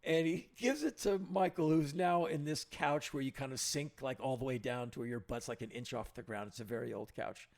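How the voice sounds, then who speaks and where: A man's voice: mid-range voice, brisk, gravelly, few pauses. A middle-aged man, a podcast co-host, telling casual anecdotes and livening them up when he quotes people. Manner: anecdotal, animated when quoting others. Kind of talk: casual storytelling.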